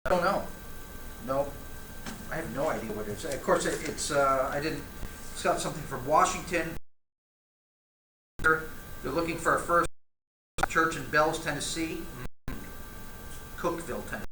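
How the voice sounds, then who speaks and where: A man's voice: on the high side, normal speed, pauses often, background noise. A man teaching a church Bible class in a conversational way, reading passages aloud and breaking off with asides to his students. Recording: roomy, echoey room with faint ambience.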